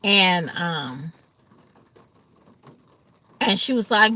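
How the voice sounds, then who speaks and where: Speaking slowly with frequent pauses, this woman has a mid-range, bright voice and a forceful tone. She's a vlogger in casual chat to camera, drowsy and set for bed, occasionally imitating members of her family.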